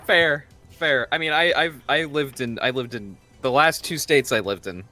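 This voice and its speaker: A man's voice: medium pitch, normal speed, pushed and bright, soft background music. A man player chatting casually, stumbling and restarting with laughs. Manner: restarts a lot, laughs while talking. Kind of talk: casual chat.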